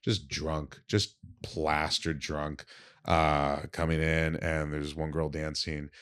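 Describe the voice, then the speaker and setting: A man's voice: very deep voice, little pitch movement, slow, fairly bright tone, clear, resonant tone. A man, a comedian guest on a podcast, telling rambling anecdotes full of restarts and swearing. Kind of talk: casual podcast storytelling.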